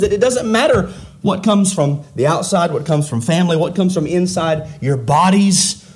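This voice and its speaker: Preaching man, rising and falling pitch. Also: darkish tone. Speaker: pastor. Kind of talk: sermon.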